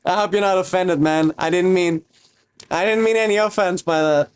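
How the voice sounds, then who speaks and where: A man's voice: high voice, steady tone, moderate pace, smooth. A young man from Romania with a mixed, self-taught accent, chatting casually with his stream chat while he cooks. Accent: mixed, mostly learned online. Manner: rambling, chatty, reads and answers chat.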